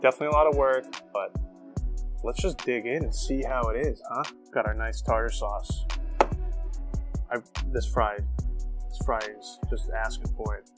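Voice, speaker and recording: Excited man hosting a cooking vlog. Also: medium pitch, moderate pace, long pauses, music in the background. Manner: enthusiastic, exclaiming, talks to viewers. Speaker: BBQ cooking show host.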